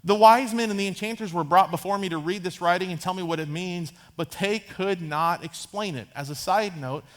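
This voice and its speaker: A man in his thirties preaching a sermon as a pastor, conversational, acting out Bible characters in casual asides. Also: high voice. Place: church sanctuary.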